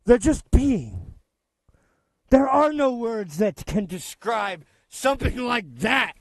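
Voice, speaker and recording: Man, reaction commentary, sarcastic, profane, ranting, very high voice, dry close sound. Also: very animated, slow pace, vocal fry, dry recording.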